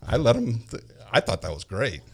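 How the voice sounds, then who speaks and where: A man who is a parent and youth baseball coach, telling stories in a casual chat, animated and repeating his words as he acts out quotes. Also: mid-range voice, fairly quick, husky.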